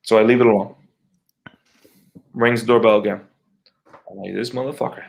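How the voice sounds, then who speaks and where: A middle-aged man co-hosting a podcast, telling a long neighbor story in casual, profane, animated talk and acting out his own reactions. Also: lowish voice, moderate pace, vocal fry. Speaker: podcast co-host.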